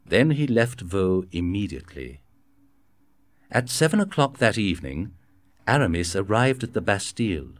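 A man reading a storybook aloud in a slow, clear narration. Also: fairly low pitch, sing-song, no echo. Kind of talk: scripted narration.

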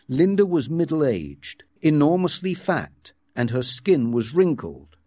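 A man reads a story aloud at an unhurried pace, his intonation rising and falling freely. The recording is close and dry, and the narration sounds measured and scripted. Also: mid-range voice, darkish tone, no echo. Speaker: audiobook reader.

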